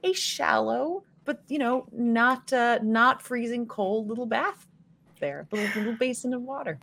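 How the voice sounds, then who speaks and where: A woman's voice: a little high, measured pace, vocal fry, a bit bright. A woman acting as game master, setting scenes and prompting players in a loose, casual way.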